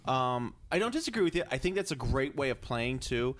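A man in a casual chat about games, joking and quick to react. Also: medium pitch. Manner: fast, joking and animated.

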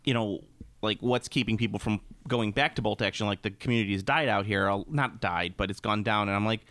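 A man's voice: on the low side, fairly quick, a bit bright, no room sound. A man co-hosting a casual hobby podcast, rambling and cursing, restarting his sentences often. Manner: rambling, profane, frequent restarts. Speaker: podcast co-host.

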